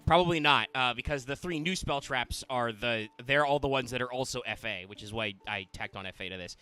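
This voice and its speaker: Guy hosting a gaming podcast, bright voice, joking around, music faint underneath. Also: medium pitch, a little fast, clean tone. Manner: joking, mock-insulting banter. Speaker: podcast host. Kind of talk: casual gaming podcast chat. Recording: music playing behind.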